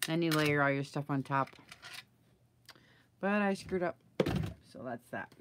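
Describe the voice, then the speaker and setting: A middle-aged woman talks through her craft project on a live, chatty video, thinking aloud and asking viewers what they'd suggest. She has a deep voice and a measured pace, and the background is noisy.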